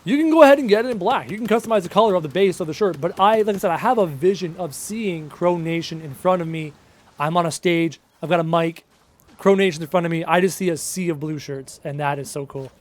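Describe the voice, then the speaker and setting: A man's voice: fairly high pitch, fast. A man live streaming a game, chattily reading viewer questions aloud and answering them, humming little tunes to himself in between. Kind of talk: casual live stream Q&A while playing.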